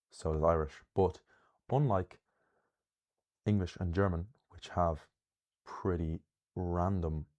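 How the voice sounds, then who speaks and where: A young man giving an explanatory lesson on pronunciation, careful and deliberate, slowing down to say example words clearly. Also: sits low, a little mellow. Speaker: Irish language teacher.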